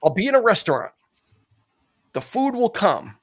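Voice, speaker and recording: A man's voice: high-pitched, normal speed, slightly rough. A man hosting a podcast in casual, joking chat, with frequent restarts. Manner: animated, joking, stumbling restarts. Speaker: podcast host.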